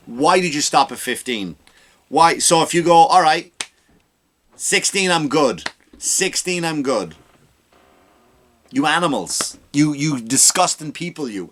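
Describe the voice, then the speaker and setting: A man's voice: medium pitch, fairly bright tone. Man, comedy podcast host, sarcastic political rant, profane, rhetorical questions.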